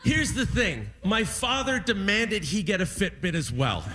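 A man doing stand-up, his voice pitched high as he rolls through an animated story. He slips into quotes and acts them out. Heavy crowd noise runs behind him on a live stage. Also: unhurried. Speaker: stand-up comedian. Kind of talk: stand-up comedy.

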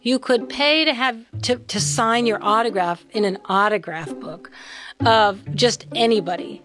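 Wry higher-voiced woman chatting over music. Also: a little slow. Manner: wry, amused, jokey asides. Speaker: podcast co-host. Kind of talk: casual chat.

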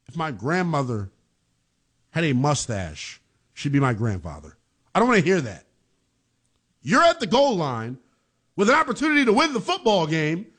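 A man's voice: sits high, a bit bright. Emphatic male sports talk host. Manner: emphatic, heated, conversational with slang. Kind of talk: animated sports talk commentary.

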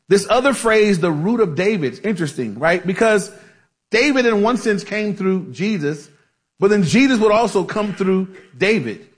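A man's voice: sits high, breathy edge. A man preaching a conversational Bible-teaching sermon, casual and chatty, with frequent asides and restarts. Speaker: pastor.

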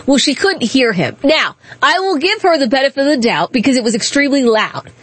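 A woman's voice: high-pitched, lively intonation, fairly quick, a bit bright, breathy edge, no echo. A woman hosting a political talk show, delivering a sarcastic, mocking commentary monologue and laughing at her own jokes.

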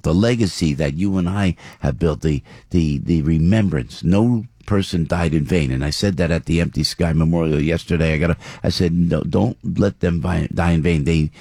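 A talk show host, a man with a low, dark voice, rambles through his stories with many fillers and false starts. His tone is husky, and the recording is dry and close. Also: dry recording. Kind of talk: casual talk show monologue.

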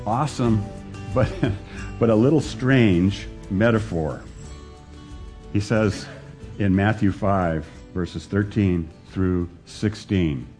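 A man preaching a sermon to his congregation as their pastor, asking them questions and raising his voice to stress his points. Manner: animated preaching, rises in pitch to stress points, asks the congregation.

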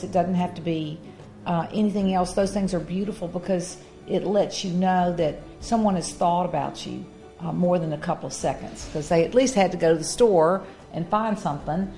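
Woman co-host, earnest and halting, slightly low voice, light music underneath. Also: dark tone. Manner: earnest, with frequent fillers and restarts. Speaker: co-host of a Christian marriage talk. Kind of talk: casual faith-based chat.

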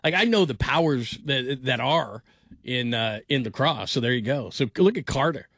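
A man's voice: medium pitch, expressive, normal speed, fairly bright tone, breathy edge, dry recording, clean studio sound. A middle-aged man hosting a call-in sports radio show, talking casually with restarts and easy laughs. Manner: rambling, repeats words, laughs easily. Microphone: studio microphone.

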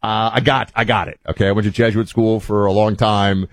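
A man's voice: on the low side, flat delivery, brisk, no echo. A man hosting a show in a casual monologue, rambling with frequent restarts and fillers. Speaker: podcast host and author.

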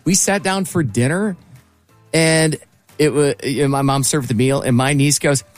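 Guy hosting a chat show, tells funny family stories, slightly higher voice, faint music behind. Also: moderate pace, no echo. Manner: animated anecdote teller who mimics family voices. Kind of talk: casual chat, storytelling.

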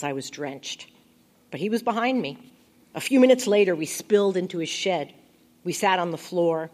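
Woman reading a quiet, intimate audiobook. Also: lowish voice. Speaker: audiobook narrator. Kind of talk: first-person audiobook narration.

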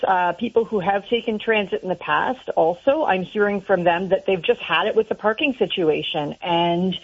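Female guest, steady thoughtful talk, breathy tone, lo-fi phone line. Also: medium pitch. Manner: thoughtful, steady, with many "you know" fillers. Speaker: transit advocate guest. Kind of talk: radio interview.

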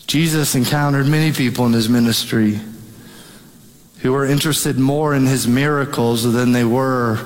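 A man's voice: medium pitch, fairly even intonation, moderate pace. A man preaching a sermon as pastor, dramatic, acting out the people in the story as he goes. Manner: dramatic, acts out the father's pleading in quoted voice. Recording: long hall reverb.

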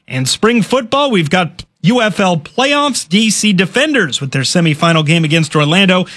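A male sports reporter giving a brisk, informal radio sports update. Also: high-pitched, expressive, fairly bright tone. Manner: brisk, informal news delivery.

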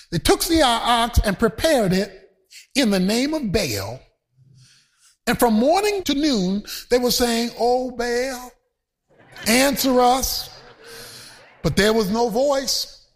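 A man with a very high-pitched voice preaches a sermon emphatically, often shouting and rising into a sing-song chant. He tosses colloquial joking asides to the congregation.

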